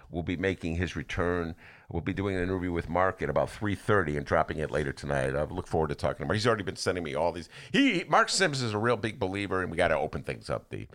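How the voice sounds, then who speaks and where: A man's voice: sits low, fast talker. A man hosting a radio talk show, chatting casually, rambling and restarting as he goes. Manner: rambling, animated, with frequent restarts.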